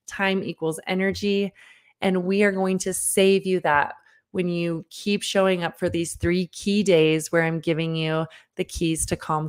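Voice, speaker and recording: A woman in her thirties, a parenting coach, giving an online workshop talk and telling a personal story with lively, earnest direct address to the listener. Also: on the low side. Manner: lively storyteller who acts out her own past lines.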